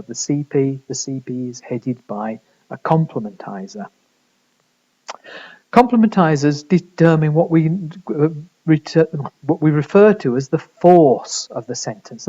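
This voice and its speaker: Male lecturer, measured and explanatory, warm tone, muffled lo-fi sound. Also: on the high side. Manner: measured explaining with fillers and restarts. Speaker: linguistics lecturer. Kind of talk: recorded university lecture.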